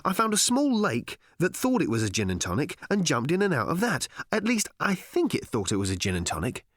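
A man's voice: on the high side, huge pitch swings, a bit bright, no echo, clean studio sound, voice pushed up, exaggerated voice. A man voicing a breezy, eccentric alien wanderer, raising his voice and talking airily and cheerfully, in an audiobook reading. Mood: airy. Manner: airy, cheerfully infuriating, quick. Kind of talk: audiobook character voice.

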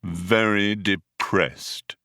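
A man voicing a gloomy, depressed male robot in an audiobook, with a muffled, mournful drone and slow, dejected delivery. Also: lowish voice, fairly even intonation, bright, forceful tone, no echo, clean studio sound, full character voice. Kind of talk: audiobook character voice.

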